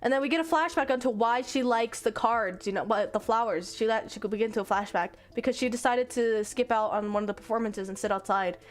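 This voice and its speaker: A woman's voice: fairly high pitch, a little fast, hardly any pauses. Rambling young woman streamer. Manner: rambling and animated, acting out characters' lines. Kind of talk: casual stream chat, retelling a manga plot.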